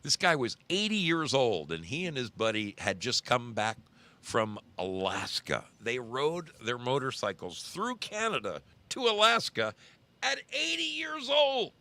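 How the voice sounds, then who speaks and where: A man's voice: medium pitch, very animated, a little slow. A man in his sixties hosting a casual live stream, greeting viewers and telling rambling road stories. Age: 60s. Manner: rambling storyteller, greets chat viewers warmly by name. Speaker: livestream host.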